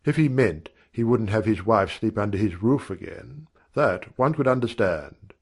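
A man narrates a first-person story with measured, wry timing. His voice sits on the low side. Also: expressive.

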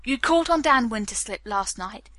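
A woman's voice: fairly high pitch, expressive, moderate pace, a bit bright, no room sound. A woman voicing an angry male police captain who presses hard with blunt, demanding questions. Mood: stern.

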